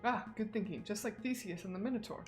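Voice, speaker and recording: A woman reading the lines of a stern, determined male detective bird from a game on a livestream, in a steady, earnest voice. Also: mid-range voice, fast talker, faint music behind, close to an everyday voice. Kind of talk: game dialogue read on stream.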